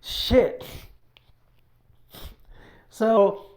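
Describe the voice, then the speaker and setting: A woman's voice: fairly high pitch, drawn-out words, a little mellow. A woman casually recapping a role-play story in a rambling, profane way, retelling who said what.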